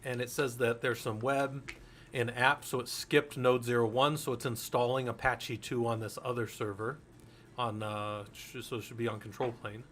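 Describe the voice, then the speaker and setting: A man's voice: mid-range voice, level tone, normal speed, a bit bright, slight background noise. A man in his forties teaching a Linux security course in a candid, loose way, swearing freely and drifting into anecdotes. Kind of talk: casual technical lecture.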